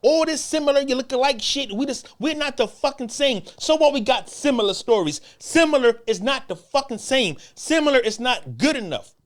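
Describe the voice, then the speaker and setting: A man's voice: extremely high pitch, lively intonation, brisk, hardly any pauses. A man delivering a heated, profane, repetitive rant straight to the camera. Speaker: commentator. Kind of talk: ranting to-camera monologue.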